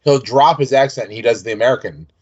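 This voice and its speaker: A man with a middle-pitched voice chats with his co-host, steering the talk and often restarting his sentences. The sound is a little dull and lo-fi. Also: quick pace, slightly rough. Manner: chatty, leads topics, hesitant restarts. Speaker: podcast co-host. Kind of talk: casual chat.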